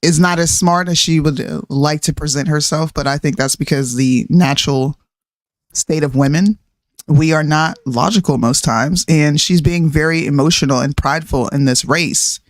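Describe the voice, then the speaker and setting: A woman's voice: low-pitched, moderate pace, no room sound. A woman co-hosting a casual political livestream, opinionated and talking over clips. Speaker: co-host.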